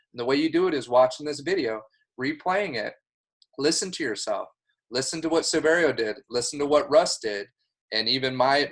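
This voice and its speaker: A man's voice: mid-range voice, a bit bright. A man coaching a new agent, speaking in an earnest, emphatic and encouraging way. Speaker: sales coach. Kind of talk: coaching talk.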